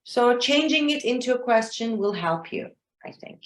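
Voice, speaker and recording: A woman's voice: on the high side, animated, moderate pace. Patient woman teaching, roomy echo. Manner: patient, checks in often with "okay?" and "yeah?". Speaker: exam trainer. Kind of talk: live online class.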